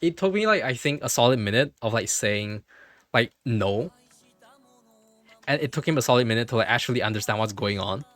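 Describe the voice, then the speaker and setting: A man chats to his stream through a desk mic in a casual storytelling mode. His mid-range voice keeps circling back and repeating phrases, dropping swear words along the way. Soft music runs faintly underneath. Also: medium pitch, quick pace. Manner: animated, repeats himself, swears freely. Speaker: livestreamer.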